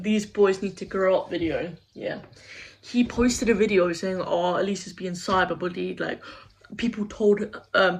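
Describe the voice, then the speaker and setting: Venting in a casual vlog, a young woman rambles in frustration, cursing and filling her speech with "like." Her mid-range voice is fairly bright, and the low-quality recording carries a little hiss or hum.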